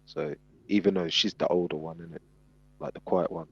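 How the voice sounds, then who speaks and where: A man telling a story in casual chat, animated and acting out the people in it, on a dull lo-fi recording. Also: deep voice, a little fast, gravelly, slightly rough, dry recording. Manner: animated storyteller, acts out quotes. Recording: dull lo-fi sound.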